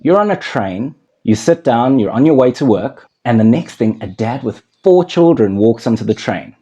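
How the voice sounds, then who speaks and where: A man's voice: mid-range voice, animated, normal speed, warm tone, slightly rough. A man who works as an anger management counsellor, talking straight to the viewer and asking them questions while he tells a story. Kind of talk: direct-to-camera teaching talk.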